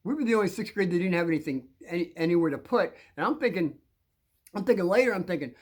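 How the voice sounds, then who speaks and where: Animated older man telling a story. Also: high-pitched, quick pace. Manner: rambling, animated, frequent restarts and laughs. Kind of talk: casual storytelling.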